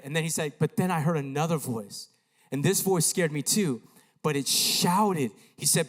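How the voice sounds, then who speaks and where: Male pastor, slightly high voice, animated sermon storyteller who acts out the quotes. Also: brisk. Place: church sanctuary.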